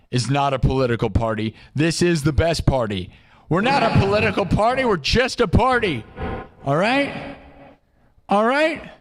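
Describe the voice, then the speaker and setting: An American man hosting a live music stream, rambling in a casual, excitable rant full of "dude" that swings from low mumbles to loud bursts. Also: in a large hall. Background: faint looped music.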